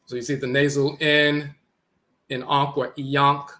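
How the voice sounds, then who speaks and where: A man lectures on the origins of language, pointing at on-screen text while he deliberately spells out letters and repeats every word. His mid-range voice is bright and forceful, with little movement in pitch.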